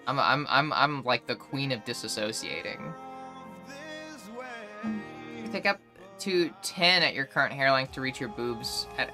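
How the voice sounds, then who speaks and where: Young woman streamer, casual live chat, rambling with constant fillers; bright, crisp tone, faint music under her. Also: rumbling low.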